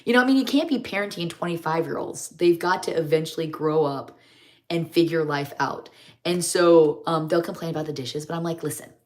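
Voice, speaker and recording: A woman's voice: low voice, a little fast, darkish tone. A middle-aged woman chats in a rambling, homey way while doing her makeup on a live stream. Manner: rambling, homey, chatty storytelling.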